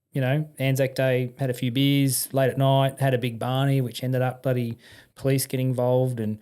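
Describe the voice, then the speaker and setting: A medium-pitched Australian man appears as a podcast guest, trading blunt, lively anecdotes in casual conversation full of slang and frequent restarts.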